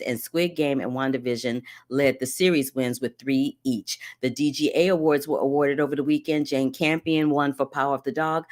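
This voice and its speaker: Female critic-host, very low register, sassy casual delivery. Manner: sassy, chatty, slangy asides. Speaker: film critic and podcast host. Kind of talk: casual podcast monologue.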